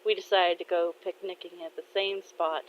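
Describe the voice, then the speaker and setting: A woman's voice: lowish voice, flat delivery, moderate pace. A woman casually narrating an improvised fan story, often laughing and using "he's like". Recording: dull lo-fi audio with faint noise.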